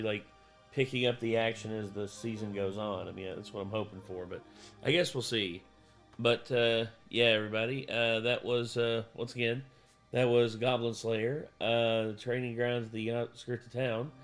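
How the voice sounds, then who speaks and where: A man's voice: medium pitch, moderate pace, faint music behind. A man co-hosting an anime reaction, chatting casually and jokingly. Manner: animated, jokey, acts out characters in silly voices.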